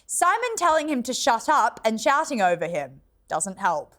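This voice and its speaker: An Australian woman with a high voice that swoops widely reads out viewer comments on a panel. She banters playfully and laughs often. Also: very animated, moderate pace, fairly bright tone. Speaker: panel guest, political commentator.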